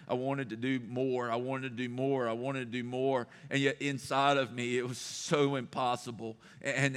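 A man's voice: mid-range voice, fairly bright tone, clean tone. A middle-aged man, a pastor preaching a sermon in an earnest, personal way with emphatic repetition. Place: church sanctuary. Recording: long hall reverb.

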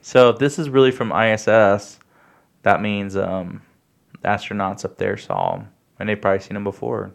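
A man's voice: fairly low pitch, expressive, moderate pace, gravelly. A man co-hosting a podcast in casual chat, rambling and swearing as he riffs on wild ideas. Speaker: podcast co-host.

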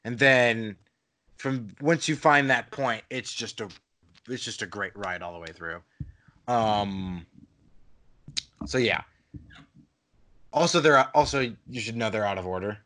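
A man chatting casually as a podcast co-host, relaxed and easygoing. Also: on the low side, measured pace, pauses often. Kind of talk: casual chat.

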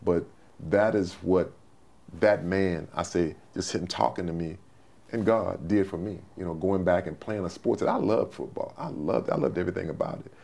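Gravelly low-voiced man in his sixties. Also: normal speed, darkish tone. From Texas, USA. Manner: folksy, repetitive storyteller. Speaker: guest, former football player. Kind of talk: storytelling interview.

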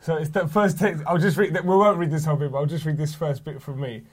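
A man's voice: on the high side, fairly even intonation, quick pace. A young man recounting a night out, reading old texts aloud and laughing as he goes. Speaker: podcast co-host. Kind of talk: storytelling banter.

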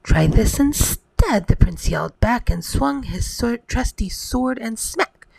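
A woman's voice: a little high, expressive, unhurried, gravelly, a little mellow, slightly rough, no room sound, low-quality recording. A woman telling a rhymed bedtime story to the listener in a whispered role-play.

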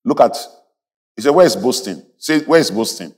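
Animated preacher man, lively pitch. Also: normal speed, breathy edge. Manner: animated preaching, mimics congregants, leads call-and-response. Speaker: pastor. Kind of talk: sermon.

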